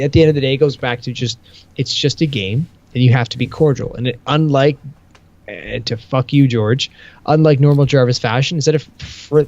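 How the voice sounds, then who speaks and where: A man's voice: medium pitch, a little mellow, highs cut off. A man co-hosting a casual podcast, telling long rambling stories, swearing freely and acting out quoted dialogue. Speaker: podcast co-host.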